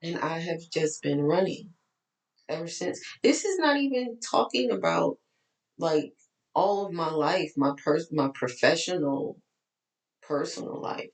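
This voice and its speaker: A life coach with a Texas accent talks candidly and chattily to her followers, slipping in preachy asides, her tired voice cracking repeatedly. Her lowish voice has lively intonation and an unhurried pace, and the audio is roomy and poor.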